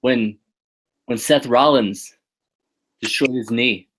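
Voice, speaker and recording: A man co-hosting a podcast, talking in a deadpan, mock-serious, sarcastic way. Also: medium pitch, slow pace, slight background noise. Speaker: podcast co-host. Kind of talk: casual wrestling review chat.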